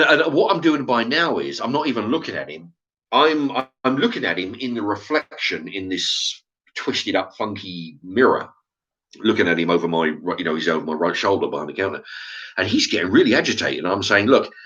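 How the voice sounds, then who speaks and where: A man, host of his own channel, telling a story in a casual, blunt monologue full of swearing. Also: fairly low pitch. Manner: animated, blunt, swears freely. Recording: dull lo-fi recording.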